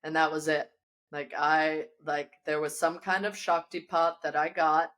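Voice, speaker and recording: Lively woman telling a personal story. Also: low-pitched, unhurried. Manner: animated storyteller with many restarts and laughs. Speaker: podcast guest, yoga teacher. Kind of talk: casual storytelling interview. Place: her yoga studio.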